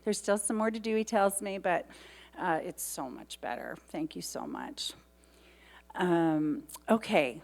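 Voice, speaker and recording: A woman's voice: fairly low pitch, measured pace. Chatty woman giving church announcements. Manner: warm, chatty, emotional and rambling. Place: church sanctuary.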